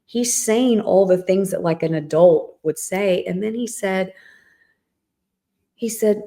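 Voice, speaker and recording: A middle-aged woman talks casually as a podcast co-host, telling a long personal story. She voices the people in it as she goes, with lots of fillers and restarts. Her pitch sits in the middle for a woman. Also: moderate pace. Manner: animated storyteller, acts out quoted dialogue.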